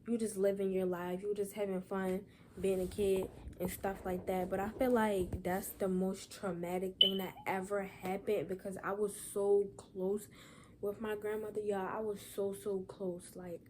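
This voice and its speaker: A woman's voice: mid-range voice, flat delivery, normal speed, darkish tone, slight background noise. Tearful young woman vlogging. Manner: rambling, repeats "y'all" and "like". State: holding back tears. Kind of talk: emotional personal vlog.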